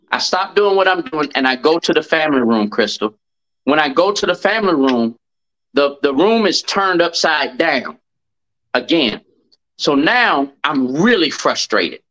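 A middle-aged man with a drawl tells a personal story as a podcast guest. His voice sits a bit high and rings bright and forceful. He leans on key phrases and repeats them for weight. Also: low-quality recording.

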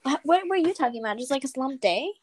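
A young woman co-hosting a podcast in casual chat, teasing, apologetic and quick to laugh. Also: high voice, expressive, husky, no echo, studio quality. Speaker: podcast co-host.

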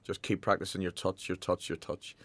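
A man's voice: sits low, flat delivery, fairly quick, a bit bright, no echo. A man answering interview questions about football in a forthright, earnest way. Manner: forthright, earnest, repeats for emphasis. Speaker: football manager guest.

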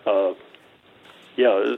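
A man answering as a guest scholar on a radio show, hesitant and brief. His voice is low and husky. It comes through a dull, lo-fi line. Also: steady tone, drawn-out words. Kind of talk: radio discussion.

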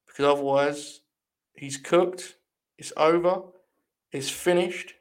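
Young man, live stream host, mock-solemn rambling commentary, swearing, slightly high voice. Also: fairly even intonation, slow. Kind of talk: casual live watch-along commentary.

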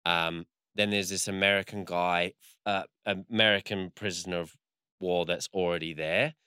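A man's voice: sits low, steady tone, moderate pace, sharp tone, clear, resonant tone, no echo, studio quality. A man in casual chat, rambling through a story with lots of fillers and swearing.

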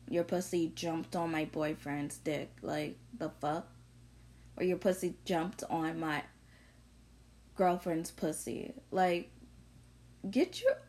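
A woman's voice: fairly low pitch, darkish tone. A young woman vlogger ranting bluntly through an unscripted monologue, full of profanity and confrontation. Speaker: vlogger sharing opinions.

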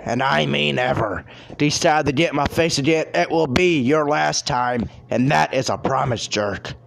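A man rants on his podcast in a furious, threatening tirade. His voice is gravelly and sits a little high for a man, rough at the edges as he spits insults. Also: normal speed, a bit bright, a little hiss or hum. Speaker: podcast host. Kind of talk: angry ranting podcast.

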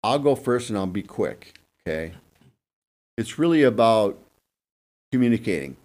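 A lower-pitched man tells stories in a lively, swooping voice that rises and drops as he acts out little scenes. His talk is casual and energetic, full of asides. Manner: animated, acts out deer and buddies in quick asides. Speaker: guest hunting expert. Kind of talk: casual storytelling on a podcast panel.

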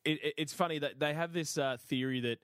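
A man's voice: a little high, a little fast, dry recording, studio quality. A man co-hosting a comedy podcast, animatedly retelling a news story. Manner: animated retelling, acts out quotes. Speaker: podcast co-host.

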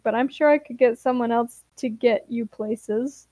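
A woman's voice: a little high, steady tone, moderate pace, a little mellow, dry recording. A woman co-hosting a podcast, reading a fan story aloud casually with light character voices and asides.

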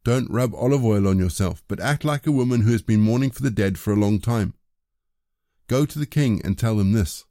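A man reading as a shrewd commander laying out instructions. His voice is mellow and somewhat low in a dry recording. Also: a little fast, no room sound, natural voice. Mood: instructing.

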